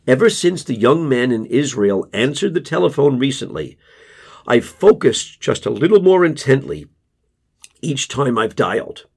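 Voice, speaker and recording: A man narrating a first-person memoir in a measured, restrained way. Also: medium pitch, expressive, vocal fry, darkish tone, slightly rough. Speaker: audiobook narrator.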